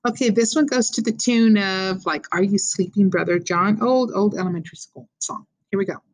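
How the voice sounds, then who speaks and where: A woman teaching a beginner Spanish lesson, slowly modeling words and prompting learners to repeat after her. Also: mid-range voice. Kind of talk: call-and-response language lesson.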